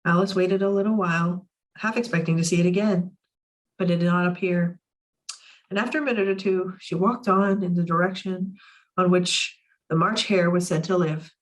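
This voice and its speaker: A woman reading a children's novel aloud for a library in a lively, expressive way. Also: on the low side, normal speed, distant mic. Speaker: library storytime reader.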